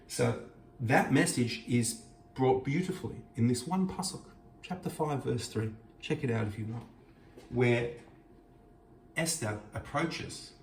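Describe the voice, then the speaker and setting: In this kitchen recording, a male host gives a thoughtful, sincere Torah teaching, reciting Hebrew verses and explaining what they mean. His voice sits in the mid range with a somewhat mellow quality. The mic is far away in an echoey room, with slight background noise.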